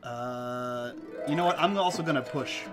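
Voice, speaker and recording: A man's voice: medium pitch, moderate pace, music in the background. A man playing a tabletop role-playing game, chatting loosely and explaining the rules. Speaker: player. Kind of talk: casual tabletop game chat.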